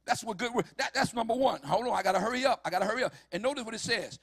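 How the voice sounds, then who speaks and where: Male preacher, high-pitched and emphatic, dry recording. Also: rapid-fire, gravelly, few pauses, slightly rough, no echo. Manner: emphatic, rising to shouts on key lines. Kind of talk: sermon.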